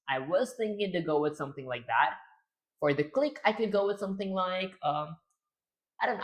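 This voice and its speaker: A young man talking casually on a live stream, rambling aloud and clearing his strained throat often. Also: high voice, expressive, fast talker, a bit bright, rough recording. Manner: rambling, self-commenting, frequent throat-clearing.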